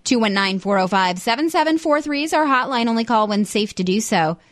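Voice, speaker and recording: A woman radio traffic reporter and co-host, reading the traffic and weather and chatting casually in a studio, quick and quick to laugh. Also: fairly high pitch, expressive, no room sound. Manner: brisk, laughs easily.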